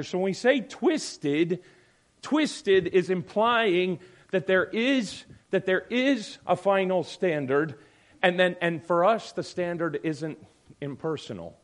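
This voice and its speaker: A middle-aged man teaching a Sunday school class in an emphatic way, often acting out other people's voices. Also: on the high side.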